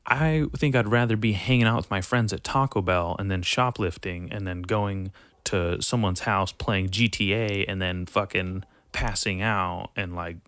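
A young man with a very low voice tells a long, rambling story in casual chat, full of swearing and "like". The sound is dry and close, with almost no room. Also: moderate pace, fairly bright tone, no echo. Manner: rambling, profane, laid-back storytelling.

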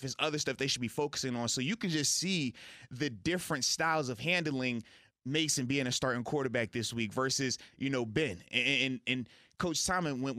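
A man's voice: medium pitch, bright, forceful tone, dry recording, clean studio sound. A man co-hosting sports radio, breaking down coaching in an emphatic, playful way. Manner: emphatic, repeats his points, playful. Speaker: radio co-host, football analyst. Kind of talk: casual sports radio talk.

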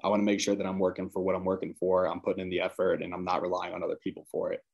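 Brief: deep, gravelly male podcast guest, storytelling, flat delivery. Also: rapid-fire. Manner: acts out his parents' lines while telling the story. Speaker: podcast guest, former college football player. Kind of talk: casual storytelling.

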